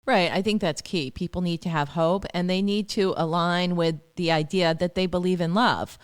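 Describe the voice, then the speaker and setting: Smooth low-voiced woman giving advice. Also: fairly even intonation, moderate pace. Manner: chatty, acts out clients' words. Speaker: astrologer guest. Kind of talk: podcast interview, advice talk.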